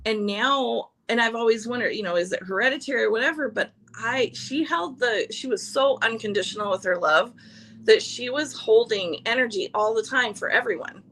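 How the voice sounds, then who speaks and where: A woman's voice: fairly high pitch, normal speed, a bit bright, slight background noise. A woman on a livestream sharing personal stories in a chatty way, laughing often and restarting her sentences. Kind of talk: casual personal chat.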